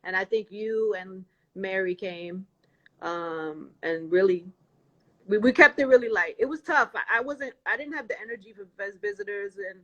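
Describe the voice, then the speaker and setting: A woman's voice: medium pitch, moderate pace, fairly bright tone, highs cut off. Earnest woman on a video call. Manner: earnest, recounting a painful ordeal. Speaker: guest. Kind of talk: casual livestream conversation.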